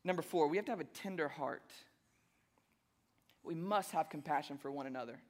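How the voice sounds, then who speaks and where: A man's voice: fairly high pitch, normal speed, in a large hall. A young adult man preaching a sermon to a congregation, playful and self-deprecating as he tells stories between his points. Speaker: pastor.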